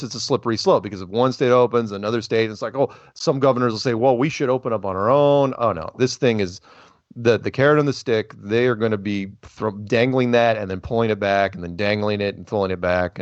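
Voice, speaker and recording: A man hosting a call-in show, talking casually in a rambling, animated way and often restarting his sentences. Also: lowish voice, dry recording. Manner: rambling, animated, self-interrupting. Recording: dull, lo-fi phone-style sound.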